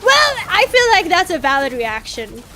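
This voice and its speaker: A woman's voice: very high voice, very animated, moderate pace, bright, forceful tone, a little hiss or hum. A woman streaming a game in casual chat, dramatic and whiny, swearing freely as she talks.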